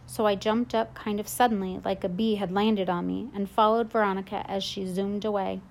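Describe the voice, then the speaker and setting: A woman's voice: mid-range voice, steady tone, a little fast, creaky. A woman narrating a storybook in the first person, in a confiding, reflective way. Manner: confiding, reflective boy's point of view. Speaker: audiobook narrator.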